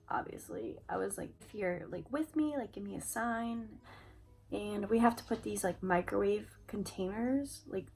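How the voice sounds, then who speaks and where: A woman's voice: mid-range voice, vocal fry, darkish tone, poor audio. A young adult woman chatting to camera, telling a personal story in a casual way, full of "like" fillers and replayed conversations. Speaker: vlogger.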